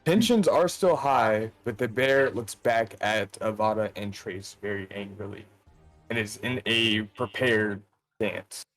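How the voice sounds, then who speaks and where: A man running a tabletop game as game master, narrating in a casual, halting way with fillers. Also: lowish voice, fairly bright tone, no room sound, faint music behind.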